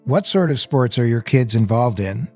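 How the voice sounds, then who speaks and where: A man's voice: medium pitch, moderate pace, soft background music. A man hosting a podcast about hackers and scams, bantering playfully and then interviewing his guest. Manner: playful, lively host banter. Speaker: host.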